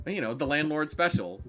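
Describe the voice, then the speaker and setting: A man's voice: on the high side, a bit bright. A man co-hosting a game stream, chatting casually and rambling with lots of swearing. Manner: rambling, swears, laughs easily. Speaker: streamer co-host. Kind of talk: casual let's-play chat.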